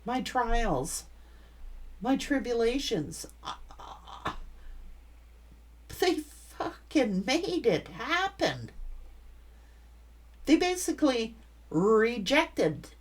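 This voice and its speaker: A woman's voice: a little high, big pitch swings, drawn-out words, pauses often. A woman giving a tarot reading, blunt and emphatic, swearing freely as she talks. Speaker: tarot reader.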